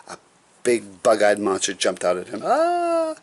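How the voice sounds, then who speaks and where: A man reading a children's picture book aloud, relaxed and adding chatty asides. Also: fairly low pitch, moderate pace.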